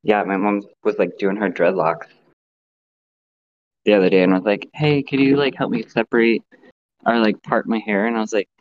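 A man in his thirties co-hosting a casual podcast, joking and often jumping into high-pitched impressions. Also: moderate pace, long pauses, highs cut off, slight background noise. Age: 30s. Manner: animated, jokey, slips into high-pitched impressions. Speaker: podcast co-host and editor.

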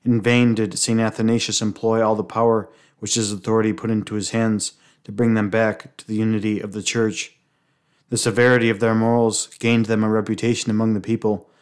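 A man with a low voice reads a saint's life aloud at a measured pace. His delivery stays flat and even, with little rise or fall, and he now and then trips on a word and restarts it. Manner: steady, measured reading with small slips and restarts. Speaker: reader.

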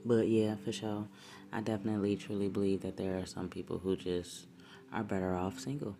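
A woman's voice: a bass voice, normal speed, gravelly, warm tone, soft background music. A woman hosting her own podcast, chatting casually and rambling with profane, laughing asides. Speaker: podcast host. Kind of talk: casual solo podcast chat.

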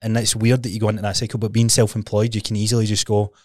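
A Scottish man with a fairly low voice speaks in a relaxed podcast conversation. He reassures his co-host and reflects thoughtfully. The recording is dry and close. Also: very fast, no room sound. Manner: reassuring, reflective advice-giving.

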